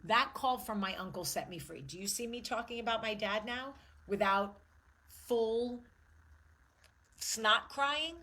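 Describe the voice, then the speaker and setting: A woman's voice: on the high side, a little slow, pushed and bright, rough recording. A woman in her forties hosting her own vlog, talking candidly and emotionally and swearing freely. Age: 40s. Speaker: show host. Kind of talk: candid personal vlog monologue.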